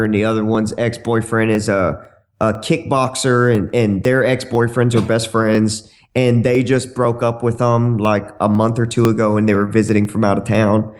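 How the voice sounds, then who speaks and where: A man's voice: lowish voice, little pitch movement, normal speed, a little mellow. A man, a podcast guest and dating coach, telling brash, bawdy stories in a casual way. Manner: brash, bawdy, acts out dialogue in shifting voices. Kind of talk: casual anecdote storytelling.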